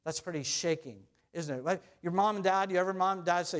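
Earnest and direct, a middle-aged male pastor gives a sermon in a somewhat high voice with a few restarts. Scripture quotes come out loud and high, while questions to his listeners sink low and soft. He talks briskly, with few pauses.

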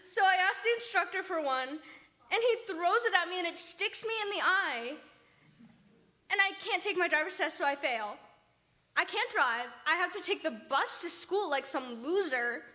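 A woman's voice: extremely high pitch, lively intonation, normal speed, sharp tone, exaggerated voice. An actress playing a despairing young woman who complains to God in a whiny, self-pitying way, in a comedy sketch. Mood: complaining.

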